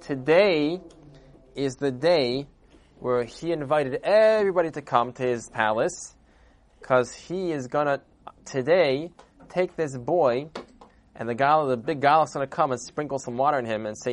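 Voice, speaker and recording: A man narrating a traditional story in an animated, chatty way, his pitch swinging widely. He talks casually, with restarts and asides to the listeners. He slips into character voices as the tale goes on. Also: moderate pace. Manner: lively, conversational, acts out voices.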